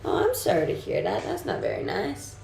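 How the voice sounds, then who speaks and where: A young adult woman streams live with a mid-range, brisk voice that swings hugely in pitch, creaky and a little mellow, with slight hiss or hum. She chats casually, reads comments aloud, and laughs easily. The sound is roomy, with faint music in the background.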